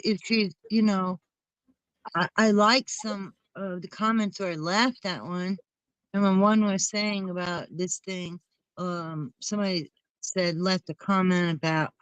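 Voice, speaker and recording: A woman's voice: medium pitch, takes it slowly, smooth, no room sound, lo-fi sound. A woman co-hosting a casual chat, rambling through long stories and speaking bluntly with casual swearing. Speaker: channel co-host.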